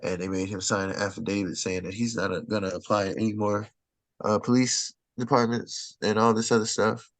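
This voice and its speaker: Gravelly man telling a story. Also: fairly low pitch, flat delivery, fairly quick, dry recording. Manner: indignant, rambling retelling. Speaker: stand-up comedian guest. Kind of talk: casual storytelling in conversation. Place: Los Angeles.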